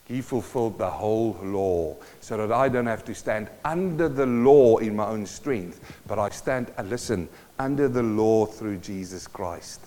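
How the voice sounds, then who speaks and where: A man's voice: on the low side, a little slow, hardly any pauses, dark tone. A man preaching a sermon, quoting scripture and building emphatically in intensity. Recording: long reverb of a large hall.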